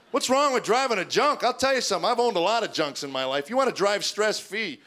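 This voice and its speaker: High-voiced middle-aged man doing stand-up. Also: animated, fast, few pauses. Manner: storytelling, acting out other people's voices. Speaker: stand-up comedian. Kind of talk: stand-up comedy routine. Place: stage before a live audience. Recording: noisy live recording with audience laughter.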